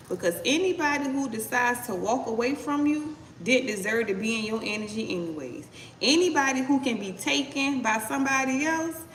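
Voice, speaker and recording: Her voice a little high, a tarot reader does a casual live reading, speaking bluntly with some swearing and punctuating points with "okay?". There's a little hiss or hum, and the sound is roomy and echoey, with her voice far from the mic.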